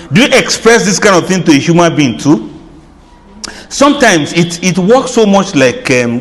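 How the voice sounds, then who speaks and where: A man's voice: on the high side, long reverb tail, a little hiss or hum. A man giving an Islamic lecture, chatty and humorous, laughing at his own asides. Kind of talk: lecture to an audience.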